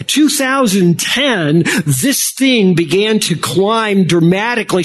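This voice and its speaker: Slow, high-voiced older male pastor. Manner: slow, deliberate, conversational preaching with asides. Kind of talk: sermon.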